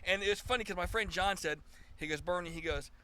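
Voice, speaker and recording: A man's voice: high voice, fast talker, bright, forceful tone. A man in his fifties, a guest musician, telling stories in a casual chat, acting out quoted dialogue with frequent restarts.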